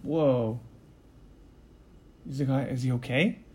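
A man's voice: mid-range voice, slow pace, darkish tone, slight background noise, lightly acted. A man voicing a cocky young male gang member who talks in a laid-back, slangy way. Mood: casual.

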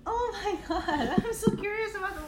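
A woman playing in a tabletop role-play game, speaking hesitantly and haltingly with non-native grammar. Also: extremely high pitch, background noise. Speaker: player.

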